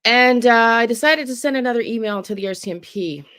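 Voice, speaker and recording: A woman's voice: on the high side, fairly quick, a bit bright, clear, resonant tone. An older woman hosting a true crime channel, angry and swearing heavily, sick with the flu and tired. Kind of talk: angry live video rant.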